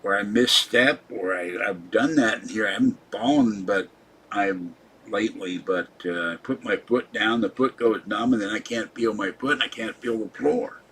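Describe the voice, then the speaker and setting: Casting note: older male live-stream host, husky voice, cranky and grumbling at his viewers. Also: lowish voice, normal speed, a bit bright. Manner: irritable, scolding viewers in the chat. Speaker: livestream host. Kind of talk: rambling live-stream chat.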